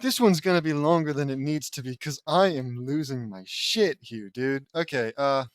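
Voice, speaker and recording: A man reading a fanfic aloud with comedic commentary, exasperated and animated, his voice a little worn. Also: medium pitch, normal speed, no echo. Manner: exasperated, animated, laughing asides. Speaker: reader and commentator.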